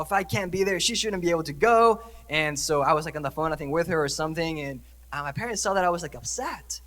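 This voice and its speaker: A man's voice: high voice, a bit bright. A young man, a priest, preaching a conversational sermon and asking the congregation questions. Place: church. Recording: church hall reverb.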